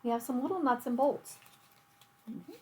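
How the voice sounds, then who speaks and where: A woman's voice: sits high, normal speed, rough recording. A woman demonstrating card making at home in a casual tutorial, chatting to herself as she works. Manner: chatty, talks to herself and her dog while working.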